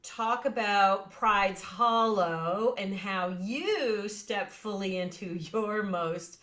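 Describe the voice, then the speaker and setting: A woman's voice: mid-range voice, slow, a bit bright. A woman hosting an interview, guiding the chat and affirming her guest often. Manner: affirming, frequent short acknowledgements. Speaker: interview host. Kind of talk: conversational interview.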